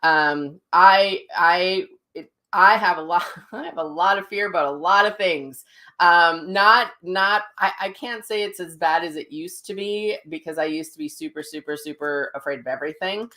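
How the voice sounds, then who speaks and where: A woman's voice: on the low side, moderate pace, bright, forceful tone. A middle-aged woman hosting a casual livestream as a psychic medium, telling stories with lots of ums and restarts. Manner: chatty storytelling with many fillers and restarts.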